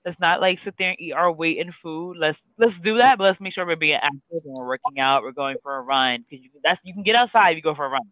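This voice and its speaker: A man with a fairly high voice chats loosely on a podcast, rambling through his points with plenty of "like" and "um". The sound is dry and tinny, as if over a phone line. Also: fast talker, hardly any pauses, no room sound. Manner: rambling, filler-heavy, breaks into sung lines. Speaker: podcast co-host. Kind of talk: casual podcast chat.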